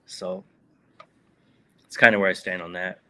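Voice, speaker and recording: A man's voice: deep voice, steady tone, a little slow, bright, forceful tone, smooth. A man giving a heartfelt, reflective answer as an interview guest, earnest and repeating words for emphasis. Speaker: guest, former prisoner.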